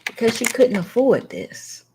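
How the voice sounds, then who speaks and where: A woman's voice: on the high side, big pitch swings, measured pace, darkish tone, a little hiss or hum. A woman hosting a talk, telling a personal story with emotion and preacher-like emphasis. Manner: emotional, preacherly storytelling addressing listeners as y'all. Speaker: host.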